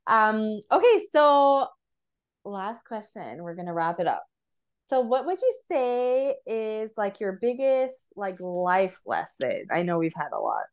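A woman hosting a casual podcast interview, warmly agreeing and asking open questions. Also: medium pitch, very animated, measured pace, smooth. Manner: supportive, with frequent laughs and short agreements. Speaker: podcast host.

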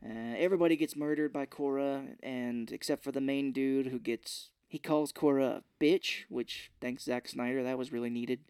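Casual male podcast co-host, mid-pitched, dry close mic, animated recap with quoted voices. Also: moderate pace, few pauses, smooth, no room sound. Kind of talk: casual movie recap chat.

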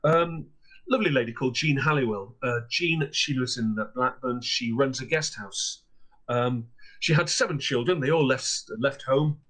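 A middle-aged man, telling ghost stories as a podcast guest in a measured, theatrical way. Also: mid-range voice, fairly bright tone. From Lancashire, England. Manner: measured, theatrical storyteller with repeated words and fillers. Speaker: guest storyteller and paranormal historian. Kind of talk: podcast storytelling.

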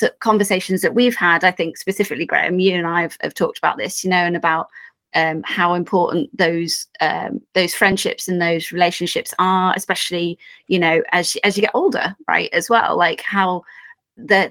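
Earnest woman with a flat low voice. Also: no room sound. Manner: hesitant, earnest, many fillers. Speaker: podcast co-host. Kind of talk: casual podcast chat.

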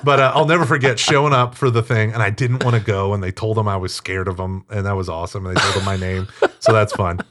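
Chatty, animated male interview guest. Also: fairly low pitch, fast talker, few pauses. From United States. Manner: talkative, animated, acts out quoted speech. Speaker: interview guest, Catholic teacher. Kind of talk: casual storytelling interview.

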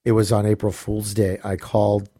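A man's voice: fairly low pitch, little pitch movement, moderate pace, mellow, husky, dry recording, clean studio sound. Man telling a rambling, profane story. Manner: rambling, profane, laughs through his own story. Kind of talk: casual storytelling chat.

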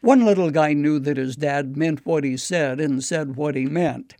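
A man with a somewhat high, gravelly voice delivering a scripted inspirational radio talk. His tone is measured and earnest, like a teacher. The recording is close and dry. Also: a little mellow, dry recording. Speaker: radio devotional speaker.

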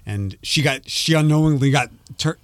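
A man's voice: on the high side, normal speed, no room sound. A man hosting a casual chat, telling rambling stories and correcting himself as he goes. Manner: rambling, self-correcting storyteller.

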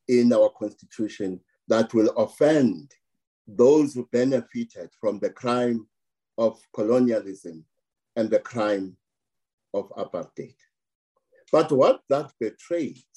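A man making a measured, emphatic argument in an interview, building points through repetition. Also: medium pitch, warm tone, slightly rough, low-quality recording.

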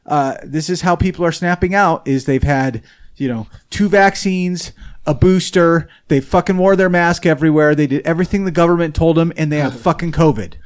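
Emphatic, ranting man with a fairly high voice. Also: normal speed. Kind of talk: casual chat.

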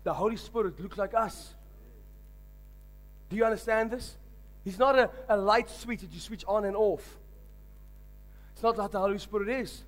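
A high-pitched man preaching a sermon as pastor. He drives points home with repetition and rising emphasis, urging the congregation to answer back. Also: normal speed, long pauses. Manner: emphatic preaching with call-and-response.

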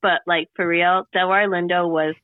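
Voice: mid-range voice, little pitch movement, normal speed, no room sound, narrow, tinny audio. A podcast co-host in casual chat, teasing and laughing often.

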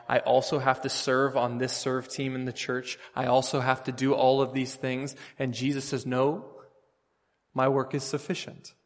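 A pastor preaching a sermon, earnest and storytelling, with emphatic bursts. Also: male voice, mid-range voice, long reverb tail.

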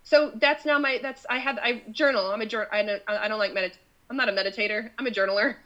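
Bright, animated woman doctor talking. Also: fairly high pitch, highs cut off. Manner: animated, talks in quick restarts. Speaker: doctor, guest expert. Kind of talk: casual interview chat.

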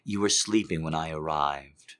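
A man voicing a dominant, seductive grown man in a slow, breathy whispered role-play. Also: a bit bright. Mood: tender. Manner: slow, low, breathy murmur.

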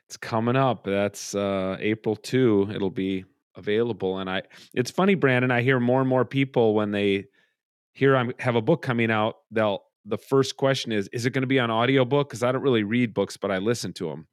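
A man's voice: medium pitch, moderate pace, smooth, dry recording, studio quality. A middle-aged man hosting a podcast from his home, chatting casually and rambling with restarts. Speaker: podcast host. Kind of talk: casual chat. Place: room at home.

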